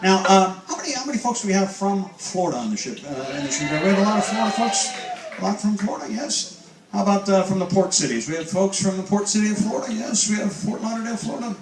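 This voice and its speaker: A man performing as a stage hypnotist. He gives slow, soothing trance commands and mixes them with upbeat banter with the audience. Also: high voice, expressive. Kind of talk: live stage hypnosis show. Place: cruise ship show lounge with live audience. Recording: echoey room from far off, loud crowd and noise.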